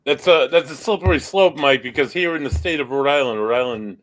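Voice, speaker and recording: A man's voice: mid-range voice, brisk, a bit bright, poor audio. Casual male co-host chiming in. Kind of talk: casual podcast chat.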